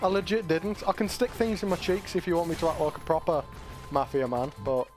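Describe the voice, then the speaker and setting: A man's voice: a little high, a little fast, soft background music. A man chatting casually while gaming, joking and laughing often. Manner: laughs often, lively banter. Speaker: streamer.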